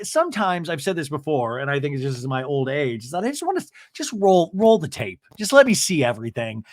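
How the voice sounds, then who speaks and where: A man hosting a podcast, recapping a reality show in casual, animated chat with jokey asides. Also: a little high, dry recording, clean studio sound. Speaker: podcast host.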